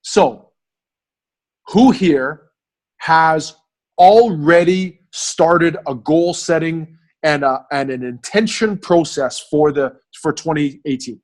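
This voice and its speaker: A man's voice: on the high side, takes it slowly. A man hosting a group mastermind video call, coaching the group in an earnest way and often checking in with "right?". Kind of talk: motivational coaching talk.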